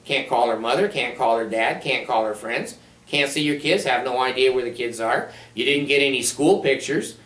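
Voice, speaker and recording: A man's voice: medium pitch, normal speed, fairly bright tone. A man counselor talking to camera in a casual monologue, blunt, sardonic and rambling. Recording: roomy sound from a distant mic.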